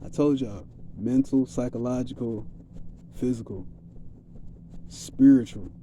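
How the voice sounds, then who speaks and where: A man's voice: medium pitch, takes it slowly, dark tone, a little hiss or hum. A man giving a rambling, streetwise spiritual monologue in a casual, preachy way. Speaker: vlogger.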